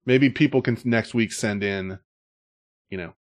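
A man's voice: lowish voice, unhurried. A man hosting a podcast, chatting casually, reading out listener messages and laughing often. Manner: laughing, rambling, lively delivery. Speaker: podcast host.

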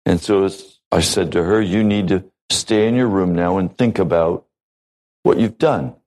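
A man preaching a sermon as a pastor, measured and deliberate, with long pauses between phrases. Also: deep voice, darkish tone, poor audio.

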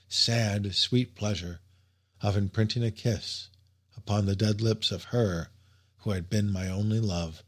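Male audiobook narrator, lowish voice, measured and expressive, reading old literary prose. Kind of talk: scripted narration.

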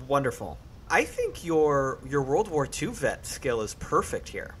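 A man's voice: mid-range voice, very animated, unhurried, slight background noise. A man running a tabletop horror game as game master, upbeat and patiently explaining the rules.

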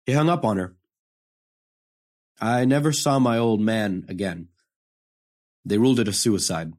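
A man's voice: on the low side, measured pace, darkish tone, lightly acted. A man playing a bitter young prisoner. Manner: profane, confrontational street talk. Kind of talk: dramatic monologue.

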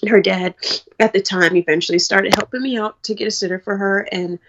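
In a candid interview, a young New York woman who runs college track tells her story and quotes people's dialogue. Her mid-range voice is fairly even and fairly quick, and the recording has background noise with the highs cut off.

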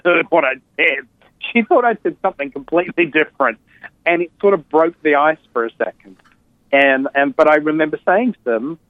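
A man's voice: fairly high pitch, lively intonation, normal speed, dry recording. A man being interviewed, telling a personal story in a reflective, candid way with many fillers and restarts. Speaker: interview guest. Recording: tinny phone-like line.

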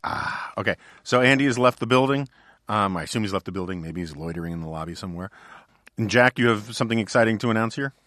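A man hosts a podcast in an easygoing, amused way, chatting loosely. His tone is bright and lively. The sound is dry and close to the mic. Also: fairly low pitch, quick pace, no room sound. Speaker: podcast host. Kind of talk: casual chat.

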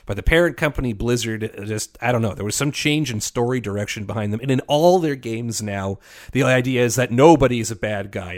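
A man chatting casually about a movie he disliked, animated and sarcastic, acting out little scenes in mock voices as he goes. His pitch sits in an ordinary middle range for a man. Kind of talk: casual film review chat.

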